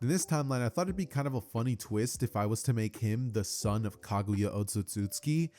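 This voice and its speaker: A man's voice: lowish voice, mellow. A man hosting his channel, telling a what-if fan story in a casual, rambling way full of fillers. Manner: chatty, many fillers like "like" and "kinda".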